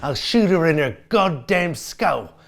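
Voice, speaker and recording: A man playing a menacing villain in a spoof crime drama, with a threatening, gravelly delivery. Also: fairly high pitch, animated, unhurried, fairly bright tone, a little hiss or hum, exaggerated voice.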